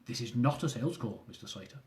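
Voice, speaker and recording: A man's voice: medium pitch, fast talker, darkish tone, reverberant, pitched below the performer's own voice, lightly acted. A man voicing a polite, formal male immigration officer with an Indian accent. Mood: dry. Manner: formal, repeats the listener's title.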